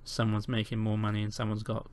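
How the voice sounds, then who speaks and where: A man's voice: on the low side, completely flat delivery, fast talker, a little mellow, a little hiss or hum. Opinionated man hosting a podcast. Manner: opinionated, emphatic. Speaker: podcast host. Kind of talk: casual podcast chat.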